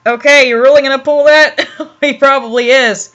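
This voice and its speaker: A woman with a high, bright voice reads fan fiction aloud and comments as she goes. She giggles often and trips over words as she reads. Her reactions come quickly between the lines. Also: steady tone. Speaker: online host reading fan fiction.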